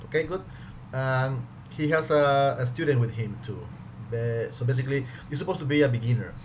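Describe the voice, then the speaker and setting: A man's voice: medium pitch, a little fast. A man reviewing a language course in casual commentary, hesitant and often repeating his words as he restarts. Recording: audible background noise.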